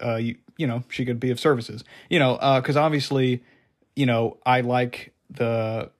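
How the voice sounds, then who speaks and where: A man giving a casual, unscripted review of a TV season, rambling with many fillers and restarts. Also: mid-range voice. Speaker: show reviewer.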